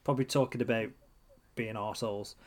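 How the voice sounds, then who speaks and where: A man's voice: lowish voice, quick pace. A man co-hosting a podcast, telling stories in casual banter with lots of swearing and fillers. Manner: expressive storyteller, sweary, hesitant fillers. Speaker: podcast co-host.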